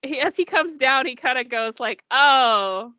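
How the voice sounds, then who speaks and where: Young woman game master, chatty and giggly, bright tone, dry close sound. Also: high voice, moderate pace, no room sound, dull audio. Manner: chatty, giggly narration with many fillers. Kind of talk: narrating a tabletop game.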